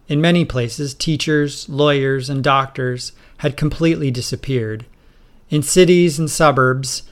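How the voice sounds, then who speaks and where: A man narrating a spoken story in a steady, scripted way. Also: medium pitch.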